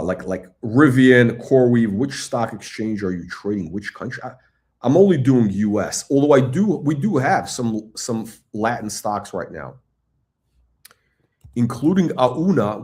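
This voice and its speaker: A middle-aged man hosting a live stock chat, talking in an excitable, blunt, repetitive way and swearing now and then. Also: mid-range voice, normal speed. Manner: excitable hype, blunt, swears, repeats himself. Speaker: stock channel host. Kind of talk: livestream stock chat reading chat questions.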